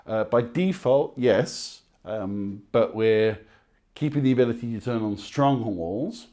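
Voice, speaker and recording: A man, a game developer, answering quick questions in a relaxed, casual way, often pausing with ums and uhs. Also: mid-range voice. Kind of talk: casual rapid-fire Q&A.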